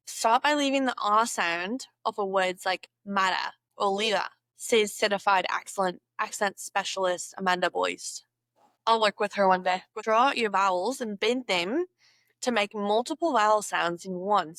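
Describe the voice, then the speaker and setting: A woman's voice: mid-range voice, unhurried, fairly bright tone, no echo. A woman vlogger chatting casually and playfully, repeating words aloud as she practices an accent.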